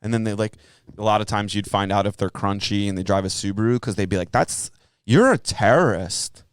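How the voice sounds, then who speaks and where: A man's voice: on the low side, flat delivery, fast, clear, resonant tone. A man co-hosting a podcast, telling jokey stories in casual chat and acting out both sides of the exchanges. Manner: joking storyteller, acts out both sides of exchanges. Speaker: podcast co-host.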